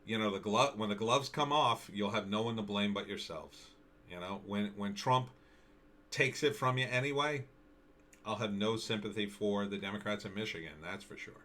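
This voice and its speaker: A man giving solo political commentary on news and video clips, indignant and halting, repeating himself and restarting his sentences. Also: lowish voice, pushed and bright.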